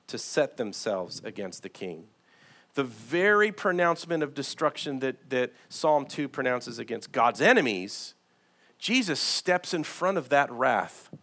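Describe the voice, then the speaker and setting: A man preaching a sermon as pastor in a church, reading scripture aloud and swinging from loud to hushed. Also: mid-range voice. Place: church sanctuary.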